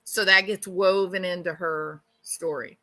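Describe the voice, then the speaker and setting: A woman hosts a true-crime channel, speculating in a blunt, conversational way. She keeps asking rhetorical questions, and her voice is bright and sharp. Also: lowish voice, steady tone, measured pace. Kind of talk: casual speculative commentary.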